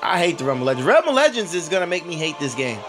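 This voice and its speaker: A man in his thirties with a hoarse voice, chatting casually and laughing at himself while commenting on a mobile game at home. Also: on the high side, very animated, fast talker, a bit bright, soft background music.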